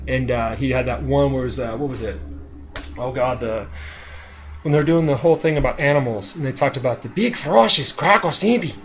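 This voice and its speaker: A man's voice: medium pitch, fairly quick. Rambling man on a casual stream. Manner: rambling, with many "uh"s and laughs. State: dry throat. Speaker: live streamer. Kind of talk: casual chat.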